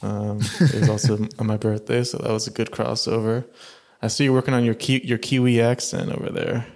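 Man, podcast co-host, gravelly fry, relaxed, joking, casual chat. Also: mid-range voice, a little fast.

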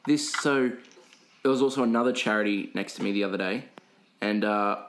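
A man's voice: lowish voice, a little fast, fairly bright tone, slight background noise. A young Australian man, a podcast co-host, telling a sweary story in casual chat and mimicking other people's voices.

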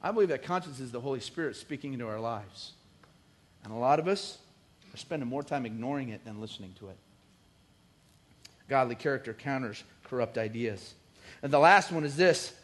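A middle-aged man preaching a sermon, animated and joking, with rising emphatic bursts. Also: medium pitch, fast. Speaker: pastor.

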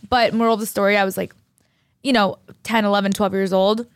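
A young woman co-hosts a chatty podcast, spinning long stories full of "like" and restarts. Her voice sits at an ordinary pitch, recorded close and dry with no room sound. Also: level tone, a little fast, smooth, no room sound. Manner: rambling, heavy use of "like", storytelling. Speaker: podcast co-host. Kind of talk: casual chat.

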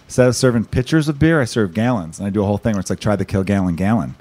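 A young man with a Chicago accent, a comedian hosting a podcast, telling stories in rapid, animated bursts with blunt swearing. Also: medium pitch. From Chicago, USA. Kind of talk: casual chat and storytelling.

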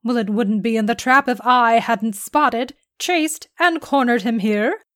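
Woman putting on a stubborn alchemist man, growly, a bit higher than her own voice. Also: measured pace, no echo, clean studio sound. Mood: defiant. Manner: defiant, growling, yelling. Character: proud grumpy male alchemist, middle-aged.

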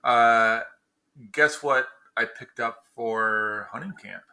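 A man's voice: medium pitch, slow, pushed and bright. A man co-hosting a podcast in casual chat, chatty, often stumbling and correcting himself. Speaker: podcast co-host.

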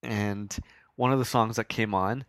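A man's voice: lowish voice, steady tone, unhurried, no echo. A man with a Canadian accent hosting a podcast, chatting casually and rambling about songs with self-mocking asides. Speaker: podcast host.

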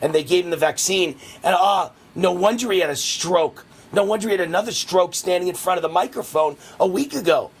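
A man hosting a political talk radio show, delivering a rapid, heated ranting monologue. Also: sits high, breathy edge.

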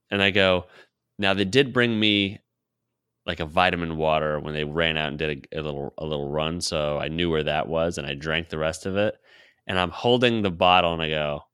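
A man casually telling a long personal story, laughing often, swearing freely and quoting himself in a low mutter. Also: a bit bright, clean tone, dry recording, studio quality. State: sore throat.

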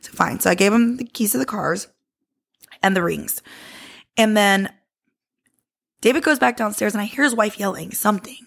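A woman podcast host telling a personal story in a casual, candid, heavily profane way, animated and lively. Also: medium pitch, normal speed, gravelly, pauses often.

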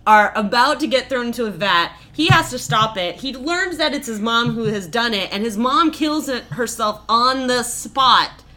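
A woman with a slightly high voice talks at a normal pace with barely any pauses. She co-hosts a podcast and retells a fairy tale casually and comically, full of swearing and filler. Her delivery is animated, peppered with curses and constant "like" and "basically."

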